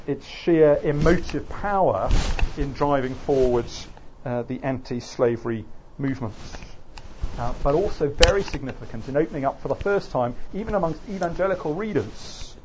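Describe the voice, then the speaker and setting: A man's voice: mid-range voice, normal speed, a little mellow, a little hiss or hum. A man with an Oxford English accent giving a classroom lecture, hesitant and full of fillers. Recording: slightly muffled recording.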